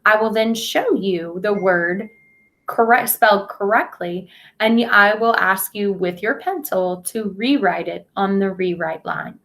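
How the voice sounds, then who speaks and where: A woman's voice: medium pitch, unhurried, fairly bright tone. A woman teaching a phonics lesson to young children, speaking patiently and over-enunciating sounds.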